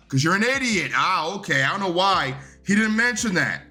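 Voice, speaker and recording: A man's voice: sits high, animated, moderate pace, sharp tone, faint music behind. A man reviewing a wrestling show in a casual recap rant, blunt, profane and dismissive.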